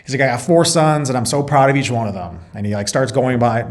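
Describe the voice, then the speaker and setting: A man's voice: medium pitch, quick pace. A man being interviewed, a Marine reservist and business owner, telling a story in casual chat and acting out both sides of the dialogue.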